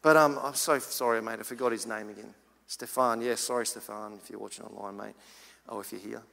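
A man's voice: fairly low pitch, steady tone, fairly quick, vocal fry, bright, forceful tone. A man preaching a sermon as pastor, chatty and personal, then building to earnest emphasis. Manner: casual preaching, rising to urgent emphasis. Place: church. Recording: church hall reverb.

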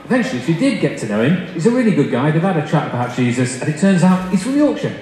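Very animated and fast, with a fairly high-pitched voice, a young man delivers a sermon that opens with funny, self-deprecating stories told in a chatty way before moving to scripture. Long reverb from an echoey hall and faint noise color the recording.

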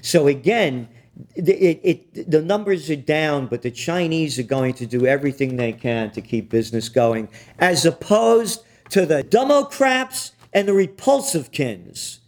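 A man's voice: a little high, expressive, measured pace, a little mellow. A man co-hosting a political talk show, ranting with profanity and biting sarcasm. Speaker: co-host.

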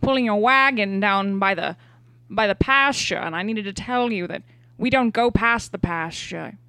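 A woman's voice: mid-range voice, moderate pace, pushed and bright, smooth, no echo. A woman playing a stern old farm father who lectures his child with dramatic warnings in an improvised comedy scene.

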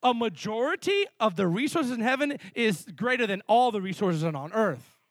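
A male pastor preaching a sermon with energy, mixing sudden loud emphasis with quick asides. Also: sits high, expressive, dry recording.

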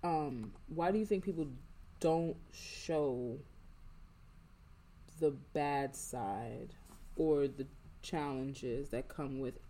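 A woman with a notably deep, low voice talks openly in a relaxed chat. She sounds candid and questioning, and laughs easily. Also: very slow, pauses often. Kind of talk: casual conversation.

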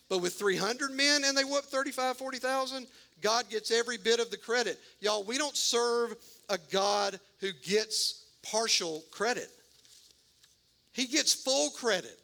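A man delivers a sermon in a folksy, animated way, slipping into the voices of the people in his story. His voice sits high and sounds bright and gravelly, with a bit of fry. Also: moderate pace. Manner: animated, folksy, acts out voices of biblical figures. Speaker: pastor.

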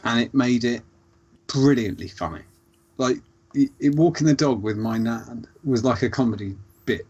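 A man's voice: mid-range voice, normal speed, slightly rough, dull audio. A man hosting a podcast, telling rambling stories with lots of restarts. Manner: animated storyteller, rambling restarts. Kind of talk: casual chat.

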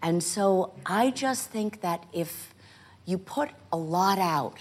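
An older woman on stage telling animated stories about acting work, often acting out quoted lines. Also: fairly low pitch, takes it slowly, slightly rough. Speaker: guest actress in a stage conversation. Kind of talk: conversational storytelling. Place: stage before a live audience.

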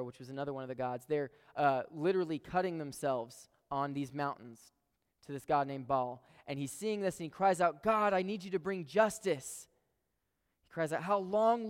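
Preacher, male, smooth resonant voice; casual but emphatic delivery, repeats lines for weight; long hall echo. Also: mid-range voice. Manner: emphatic, conversational, repeats phrases for stress. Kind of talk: sermon.

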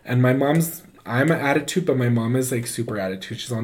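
A man's voice: medium pitch, a little fast. Guy, loose chatty storyteller, plays every voice himself, fillers everywhere. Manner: animated, acts out quoted voices; loose and rambling, full of "like". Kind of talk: casual storytelling.

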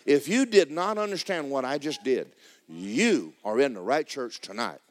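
A man preaching a sermon as pastor in a church, emphatic and repetitive, breaking into fervent shouted prayer. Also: medium pitch, expressive, moderate pace.

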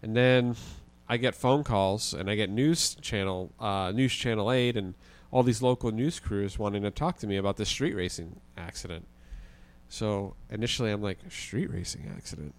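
Lower-voiced man telling a story. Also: moderate pace. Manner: animated, vivid retelling with occasional swearing. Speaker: podcast guest. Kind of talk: casual storytelling.

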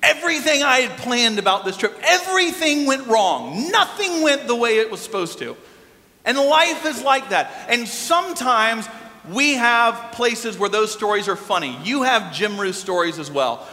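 A middle-aged man delivers a storytelling sermon in a high, bright voice. He is animated and lively at the pulpit. The sound rings with the long reverb of a large church hall. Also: normal speed. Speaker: pastor.

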